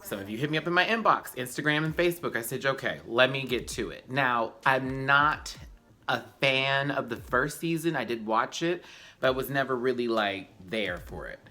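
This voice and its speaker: A young man talks straight to camera in a loose, slangy review, tired but animated. His voice is bright and forward, and it leaps high when he gets excited. He sounds casual, as if it is late at night. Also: normal speed. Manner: chatty, animated, slangy, with high-pitched exclamations. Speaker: YouTube reviewer.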